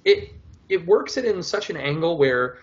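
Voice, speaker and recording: A man's voice: a little high, big pitch swings, moderate pace, dull audio. A man co-hosting a podcast, chatting casually and rambling with lots of filler words. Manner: rambling, full of "like" and "whatever". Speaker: podcast co-host. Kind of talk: casual chat reviewing shows.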